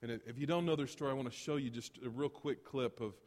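A man preaching a sermon as pastor, animated and rising to loud emphatic bursts. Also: mid-range voice, quick pace, big-room sound.

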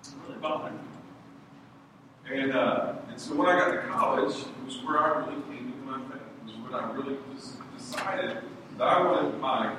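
A man's voice: medium pitch, moderate pace. A middle-aged man and pastor preaching a sermon in a church hall, telling stories and acting out the voices of others. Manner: animated storytelling, acting out voices. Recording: echoey hall from far off, noisy.

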